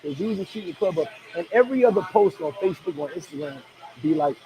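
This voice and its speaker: A man, chatting casually as a vlogger, reading viewer comments and telling stories in an animated, laughing, slangy way. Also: sits high, quick pace, rough recording. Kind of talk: casual chat.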